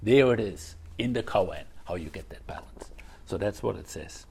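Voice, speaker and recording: A man giving a reflective dharma talk as a Zen teacher, circling back over phrases and filling pauses with "you know". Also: fairly low pitch, lively intonation, creaky, darkish tone, slightly rough.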